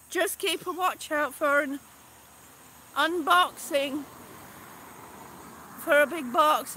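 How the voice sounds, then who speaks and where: Slow-talking high-voiced woman vlogger. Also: sharp tone. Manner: chatty, hesitant with many ums. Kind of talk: casual vlog chat.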